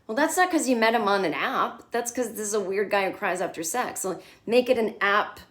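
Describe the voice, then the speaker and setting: A woman's voice: medium pitch, animated, brisk, fairly bright tone. Candid, sarcastic woman recapping TV. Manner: candid, sarcastic, swears freely. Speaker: comedian host. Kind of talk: casual TV recap chat.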